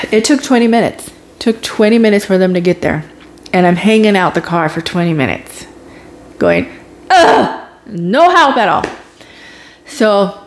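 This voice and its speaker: Lady vlogger telling a rough story, sighing and groaning, chatty and emotional. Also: medium pitch, slight background noise. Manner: emotional retelling with sighs and groans. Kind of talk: casual storytelling vlog.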